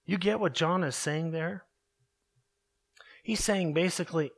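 A man preaching a sermon earnestly, slowing down and dropping his voice low to stress key words. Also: creaky. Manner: earnest preaching, slows and drops low for emphasis. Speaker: pastor.

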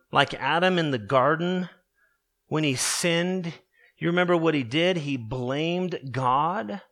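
Male pastor, sermon delivery, unhurried and emphatic, slightly higher voice. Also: a bit bright. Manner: slow, deliberate preaching with emphatic repetition.

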